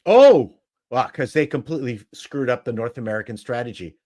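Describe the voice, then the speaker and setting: A man's voice: mid-range voice, big pitch swings, fairly quick, dark tone. A man chatting casually as a panelist, rambling with restarts.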